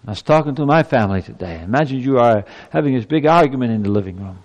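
Male pastor, sermon, mid-pitched voice, emphatic with loud bursts, long church-hall reverb. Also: lively intonation, fast, highs cut off. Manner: emphatic, swinging from soft to loud exclamations.

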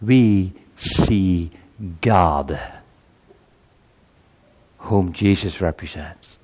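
A male pastor preaching a sermon to his congregation, emphatic and swinging from soft passages to loud exclamations. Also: low voice, drawn-out words. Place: church. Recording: long church-hall reverb.

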